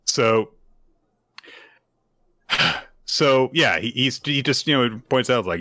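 A man's voice: medium pitch, expressive, slow pace, long pauses, pushed and bright. A man hosting a casual manga review chat, rambling with lots of fillers and cheerful swearing. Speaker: podcast host.

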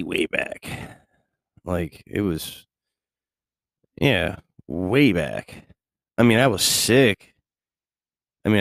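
A man's voice: low voice, gravelly, dry recording, clean studio sound. A man talking casually and profanely in a rambling monologue, laid-back and chuckling often.

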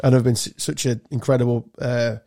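A man from England co-hosting a podcast, telling animated, sweary travel stories in casual chat. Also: mid-range voice, fast. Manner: swearing storyteller, animated anecdotes. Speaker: podcast co-host.

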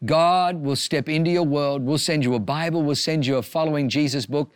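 A man's voice: on the high side, a little fast, hardly any pauses, smooth, no room sound, studio quality. A man preaching an earnest sermon as a pastor, driving home a repeated refrain with emphasis.

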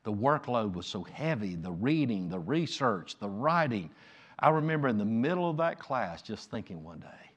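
A male pastor delivering a Sunday sermon, moving from quiet personal storytelling to loud, emphatic preaching. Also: lowish voice, big pitch swings, moderate pace.

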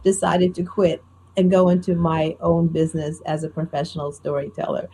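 A middle-aged woman with a faint New Jersey accent, a professional storyteller talking in a lively, self-deprecating way in an interview. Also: low-pitched, moderate pace, a little hiss or hum. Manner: animated, self-deprecating, tells anecdotes with quoted dialogue. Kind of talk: conversational interview.

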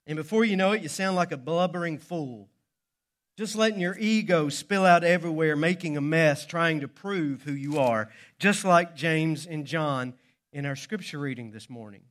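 Male pastor, sermon, storytelling with dramatic pauses, fairly high pitch. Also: fairly bright tone.

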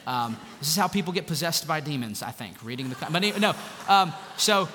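A man preaching a sermon as pastor, animated and conversational, with jokes and asides. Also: a little high, fast talker, in a large hall, slight background noise.

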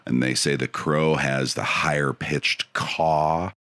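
A man hosting a wildlife segment on the radio, explaining animal facts in an animated, chuckling way. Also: extremely low pitch, slow.

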